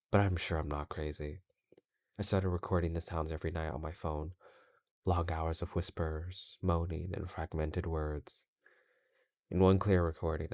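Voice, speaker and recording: Very deep-voiced man reading horror. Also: no echo, studio quality. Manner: measured, steady reading with slow stretches. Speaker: channel host reading stories. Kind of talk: horror story reading while gaming.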